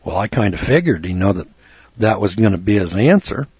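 A man telling a folksy, animated story in a lecture, acting out both sides of a conversation. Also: on the low side, brisk, breathy edge, no echo, dull audio. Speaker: speaker on law and scripture.

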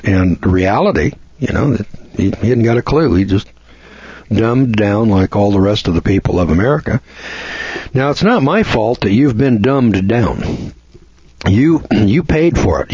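A seminar lecturer delivers a rambling, folksy lecture in a blunt, scornful manner, frequently restarting his sentences. His mid-range voice is slightly mellow with a breathy edge, captured without echo in a dull, lo-fi recording.

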